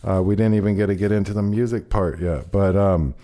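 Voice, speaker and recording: A male talk radio host with a fairly low, mellow voice. He talks in a loose, casual way, swearing here and there as he reads headlines and banters. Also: steady tone, a little fast. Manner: loose, profane, laid-back banter.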